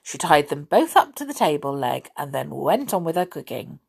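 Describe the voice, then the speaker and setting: A woman's voice: deep voice, very animated, normal speed, creaky, breathy edge. A woman reading a children's story aloud expressively, with asides to the listener.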